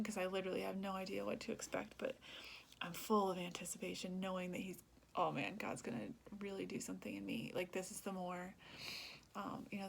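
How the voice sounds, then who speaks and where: A woman's voice: medium pitch, gravelly, slight background noise. A young woman talking earnestly in a personal vlog, rambling, laughing often and dropping to a whisper. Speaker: vlogger.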